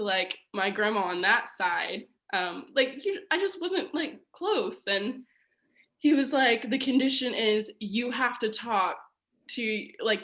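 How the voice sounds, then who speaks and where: Young adult woman, podcast guest, bright forceful tone, slightly high voice, casual storytelling, animated, lots of "like". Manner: animated, says "like" a lot, acts out quoted voices.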